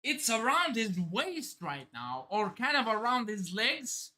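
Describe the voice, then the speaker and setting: Slow-talking bright-voiced woman streamer. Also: on the high side, sing-song. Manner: exclaims, swears and laughs, thinking aloud. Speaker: streamer hosting a live manga reaction. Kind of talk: excited live reaction commentary.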